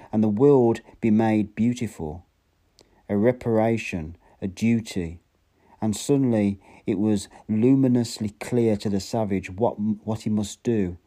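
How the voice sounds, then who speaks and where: Man reading aloud in a very dark voice. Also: fairly low pitch. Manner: measured reading, with occasional stumbles and self-corrections. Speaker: audiobook narrator.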